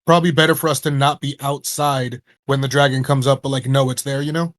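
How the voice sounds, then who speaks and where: A man's voice: medium pitch, level tone, fairly quick, no room sound. A man playing in a tabletop role-playing game, asking questions in a laid-back way full of fillers. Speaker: player. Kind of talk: casual tabletop game chat.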